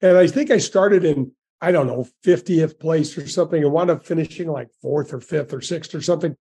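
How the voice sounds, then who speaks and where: A man's voice: on the high side, a little fast, dark tone, husky. A man in his sixties, a former pro golfer, telling stories as an interview guest in a folksy, enthusiastic way with lots of restarts. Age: 60s. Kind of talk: storytelling interview.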